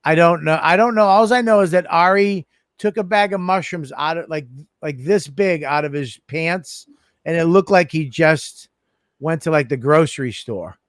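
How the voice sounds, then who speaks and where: A man co-hosts a casual chat, chiming in with quick questions and reactions. His voice sits a little high. The sound is dry and close. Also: no echo. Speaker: co-host.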